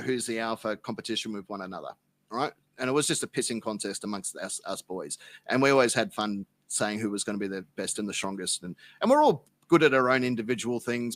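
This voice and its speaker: Aussie guy spinning a sweary yarn, bright tense voice, dry close sound. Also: fairly low pitch, fast, no echo. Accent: Australian. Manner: animated, profane anecdote-telling. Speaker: podcast guest. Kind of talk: casual storytelling.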